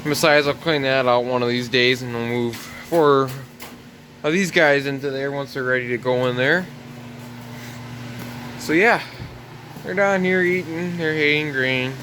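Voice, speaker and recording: A man giving a relaxed, rambling walk-through tour of his farm barn, talking into a handheld camera. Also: medium pitch, unhurried, long pauses, noisy background. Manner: easygoing, rambling with many "so yeah" fillers. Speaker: farm vlogger.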